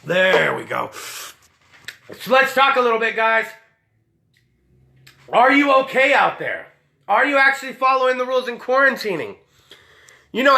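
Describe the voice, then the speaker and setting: Rowdy tipsy guy hosting a stream, high voice that jumps all over, swears nonstop. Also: vocal fry, bright, forceful tone. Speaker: podcast host. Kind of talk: loose profane live-stream chat.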